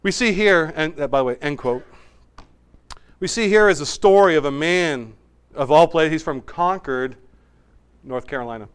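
A man preaching a sermon as pastor, swinging between emphatic raised passages and quiet, hushed asides. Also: on the high side, normal speed, pauses often, clean tone.

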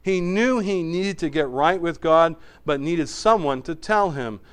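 A man preaching a sermon as pastor, swinging between emphatic raised passages and quiet, hushed asides. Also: a little high, animated, a little slow, clear, resonant tone.

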